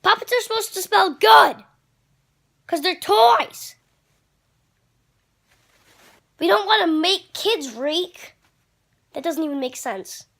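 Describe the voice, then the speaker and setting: A man's voice: extremely high pitch, creaky, a bit bright, exaggerated voice. A man doing a whiny puppet dad. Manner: whiny and complaining. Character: whiny, smelly puppet father, self-pitying. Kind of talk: homemade puppet comedy.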